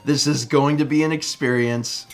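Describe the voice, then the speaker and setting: A man in his thirties co-hosting a casual chat show, telling an animated story and mimicking other people's voices. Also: mid-range voice, normal speed, over music. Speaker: co-host.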